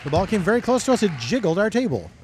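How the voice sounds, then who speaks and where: A man doing comedic play-by-play at a basketball game, with dry, deadpan jokes, recorded courtside among noisy ambience. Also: high-pitched, fast talker. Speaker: guest commentator.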